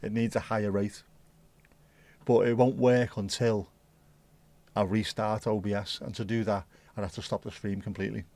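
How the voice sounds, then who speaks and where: A man hosting a casual livestream, rambling and thinking out loud as he chats to his viewers. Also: fairly low pitch, little pitch movement, moderate pace, long pauses. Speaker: livestream host.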